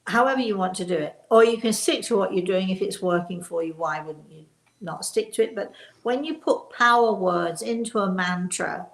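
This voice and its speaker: Older woman with a gravelly voice. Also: medium pitch, normal speed, roomy sound, poor audio. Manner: emphatic on key words, warm chatty restarts. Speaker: host and spiritual teacher. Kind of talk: live-stream chat and teaching.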